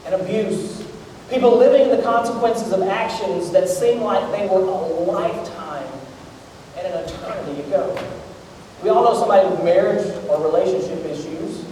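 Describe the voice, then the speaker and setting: A man in his thirties preaches with a high, light voice. He tells jokes and keeps asking the crowd questions. He is heard from far off in a big hall with a long, ringing echo. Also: warm tone, slight background noise. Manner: joking storyteller, talks to the crowd. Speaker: pastor. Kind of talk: sermon. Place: large church auditorium. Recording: echoey hall recorded from far off.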